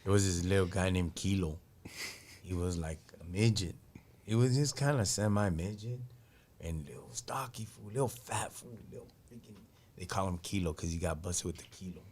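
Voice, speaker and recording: A man's voice: deep voice, moderate pace, slight background noise. A man hosting a live stream, telling stories in casual, slang-filled chat and acting out what people said. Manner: slangy, animated, acts out quotes from his stories.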